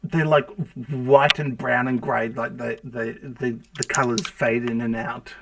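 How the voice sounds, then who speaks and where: A man narrating as the game master of a tabletop game, halting, with many fillers and restarts. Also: mid-range voice, steady tone, gravelly, very noisy.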